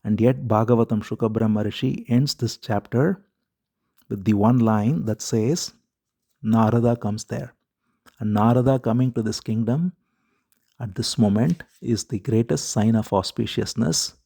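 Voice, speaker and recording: A man teaching a devotional scripture, retelling the story at a measured pace and repeating words as he searches for them. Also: on the low side, creaky, dark tone, slightly rough.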